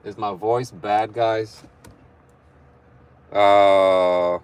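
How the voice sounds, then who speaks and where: Animated but a little slow, a young man with a voice on the low side hosts a casual livestream, leaving long pauses. He reads viewer comments aloud and banters, often laughing between remarks.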